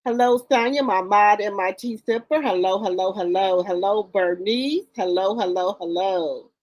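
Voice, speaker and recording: A woman's voice: medium pitch, moderate pace, darkish tone. Chatty woman hosting a livestream. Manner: chatty, repeats greetings, informal. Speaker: livestream host. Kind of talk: casual livestream chat greeting viewers.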